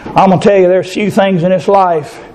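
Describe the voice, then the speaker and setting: An older man preaching a fervent sermon, his voice leaping up into shouts at its peaks. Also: high voice, steady tone, normal speed. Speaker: pastor.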